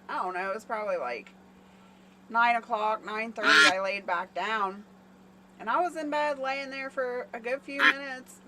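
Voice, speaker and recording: A woman hosting a casual live stream from her small farm, chatting with viewers and laughing often as she tells a story. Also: fairly high pitch. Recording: farm noise with ducks and geese.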